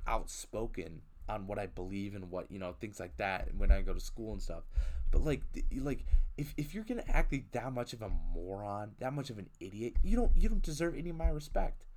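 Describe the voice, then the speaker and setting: A man's voice: mid-range voice, darkish tone. A young man in casual conversation, ranting indignantly with lots of restarts and repetition. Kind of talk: casual chat.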